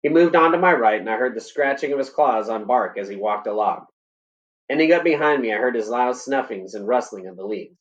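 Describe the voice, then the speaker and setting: A male teacher reading a novel aloud in a steady, plain way, with small stumbles and brief teaching asides. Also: mid-range voice, fairly quick, dull audio.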